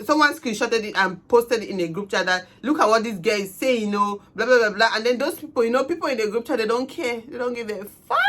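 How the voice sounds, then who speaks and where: A young woman tells a personal story to camera in casual vlog chat. Her voice sits a little high for a woman. She drops to near murmurs and then bursts out loudly. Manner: emotional, swinging from soft murmurs to loud outbursts. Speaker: vlogger.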